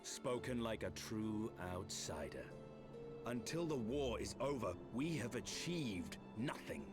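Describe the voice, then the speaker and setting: A man's voice: lowish voice, big pitch swings, takes it slowly. An actor playing a stern, proud male warrior in a game cutscene, curt and cold. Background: game music.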